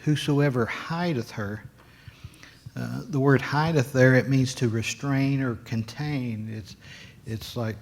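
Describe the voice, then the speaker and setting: A man teaching a Sunday school Bible lesson in a church classroom, explaining verses in a halting, folksy way with many restarts. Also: mid-range voice.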